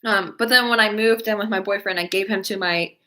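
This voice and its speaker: A woman's voice: mid-range voice, fairly even intonation, brisk, pushed and bright. A young woman hosting a casual live stream, chatting in a rambling way full of "like" and "um" and reacting to viewer comments. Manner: rambling, heavy use of "like" and "um".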